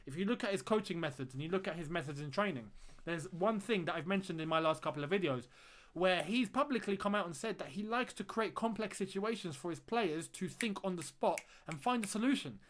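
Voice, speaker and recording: A young man with a notably high voice hosts a live-stream watchalong. He chats easily with his viewers, thanks them and reads out their comments, often saying a phrase twice for emphasis. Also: lively intonation, a little fast, fairly bright tone. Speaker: fan channel host.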